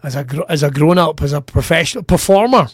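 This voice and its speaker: A Scottish man, a comedian co-hosting a podcast, telling sweary, animated anecdotes in casual chat. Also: on the high side, fast talker, no room sound, clean studio sound.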